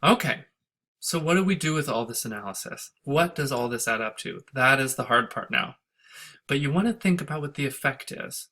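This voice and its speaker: Bright-voiced man teaching poem scansion. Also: medium pitch, lively intonation, normal speed. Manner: thinking aloud, hesitant restarts; speaks lines of verse in a sing-song rhythm. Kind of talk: recorded lecture on poetry scansion.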